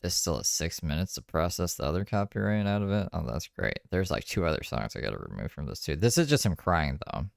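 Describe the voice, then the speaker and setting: A man's voice: sits low, sing-song, a little fast, vocal fry, few pauses, no echo, studio quality. A man chatting casually on a live stream, rambling and swearing with laughing asides. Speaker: streamer reacting to another creator's live.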